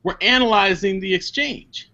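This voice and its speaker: A high-pitched, sharp-toned man lectures firmly, cutting others off to make his point. He sounds a little muffled over a video call. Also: moderate pace. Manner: firm, lecturing, cuts in with repeated commands. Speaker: panelist mediating a discussion. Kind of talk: heated casual debate.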